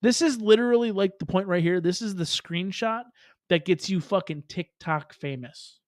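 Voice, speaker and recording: High-voiced rambling streamer guy. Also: normal speed, dry recording, clean studio sound. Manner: rambling, profane, laughing asides. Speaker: livestream host. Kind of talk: casual livestream chat.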